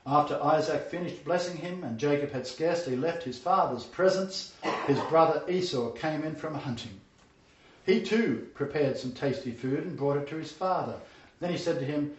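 A man's voice: medium pitch, moderate pace. A man giving a Bible lecture who reads scripture aloud and breaks off to make emphatic comments. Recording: echoey, distant, dull-sounding room.

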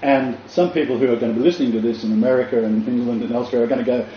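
A man with an Australian accent preaching an informal sermon, pausing often, then building with emphatic repetition. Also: medium pitch, fairly even intonation, slight background noise. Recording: echoey, distant, dull room recording.

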